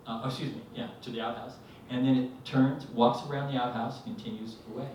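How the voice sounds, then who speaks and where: A man spins a rambling story at a live storytelling night, stopping and restarting, acting out what people said. His mid-pitched voice comes from some way off the mic and rings through a very echoey hall, with faint noise underneath. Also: fairly quick, distant mic. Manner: rambling, animated, acts out quotes. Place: live event venue, indoors.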